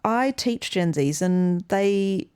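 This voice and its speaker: A woman's voice: medium pitch, expressive, slow, a little mellow, clean tone. A young woman co-hosting a podcast in casual chat, playful and chatty, often laughing and trailing off with fillers. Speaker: podcast co-host.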